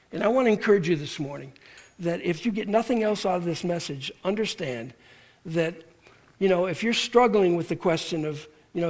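A man pastor preaching a sermon to his church, animated, with sudden loud swells. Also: high voice.

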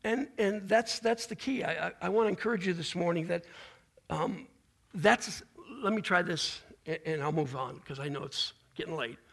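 A man's voice: sits high, normal speed, vocal fry, a bit bright. A man preaching a sermon as pastor, in an informal way with restarts and folksy asides. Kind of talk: conversational sermon.

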